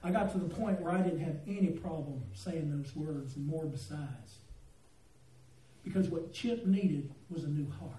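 Preacher guy, high voice, folksy jokey storytelling, picked up from a distance. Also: normal speed, dark tone. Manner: folksy storytelling with jokes and congregation asides. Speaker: pastor. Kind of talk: sermon. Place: church sanctuary. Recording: echoey hall, mic from a distance.

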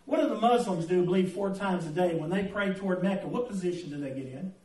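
A man's voice: high voice, fast talker, a little mellow. A man preaching a sermon in a church, folksy and joking as he tells anecdotes. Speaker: pastor. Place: church sanctuary. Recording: echoey room, distant mic.

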